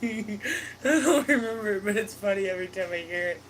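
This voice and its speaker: A woman's voice: mid-range voice, animated, a little fast, a little hiss or hum, poor audio. A woman co-hosting a casual chat, giggly and teasing. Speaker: co-host.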